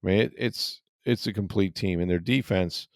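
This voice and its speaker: A man's voice: low-pitched, moderate pace, vocal fry, no room sound, clean studio sound. A middle-aged man hosting a sports podcast, telling a rambling story in casual chat with lots of fillers.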